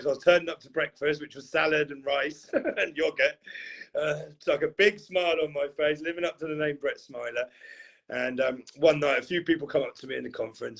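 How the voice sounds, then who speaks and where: A man's voice: medium pitch, creaky, fairly bright tone, breathy edge. A man on a podcast, telling a long rambling story in a casual way, full of fillers and restarts. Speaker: podcast co-host.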